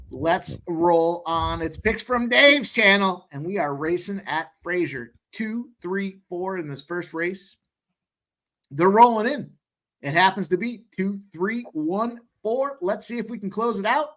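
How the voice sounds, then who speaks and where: A man's voice: high voice, takes it slowly, fairly bright tone. A man co-hosting a live betting stream, calling horse races with hype and banter. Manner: hyped race calling, bantering. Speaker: sports betting stream host.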